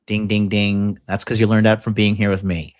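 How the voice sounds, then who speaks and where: A man's voice: on the low side, level tone, moderate pace. Blunt provocative male podcast host. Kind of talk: crude casual banter.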